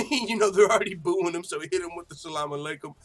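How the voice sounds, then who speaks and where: A man hosting an MMA talk show, chatting casually with lots of swearing and sudden loud outbursts. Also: high voice, quick pace. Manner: excitable, swearing, mimics quotes loudly. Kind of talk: casual profane commentary.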